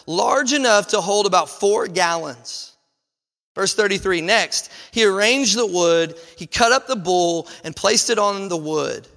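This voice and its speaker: A man delivers a sermon from the front of a church, his voice high and bright as it rings through a large hall with a long reverb. He preaches emphatically, piling up rhetorical questions and tripping over repeated words as he pushes his point. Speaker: pastor. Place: church sanctuary.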